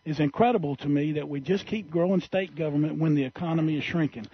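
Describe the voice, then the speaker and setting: A man's voice: fairly high pitch, fast talker. A man speaking as a state lawmaker on talk radio, emphatic and insistent. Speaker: state representative guest. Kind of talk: political talk radio interview. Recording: dull radio broadcast sound.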